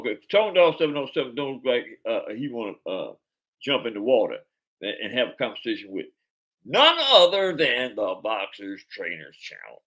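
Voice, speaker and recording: Animated, bright-voiced man hosting a live chat. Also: medium pitch. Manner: halting, repeats words, slangy. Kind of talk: casual live stream talk.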